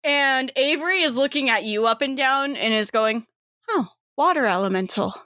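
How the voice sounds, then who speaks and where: A woman's voice: high-pitched, normal speed, sharp tone, no echo. A woman narrating a tabletop game as game master, casual and laughing, with some swearing.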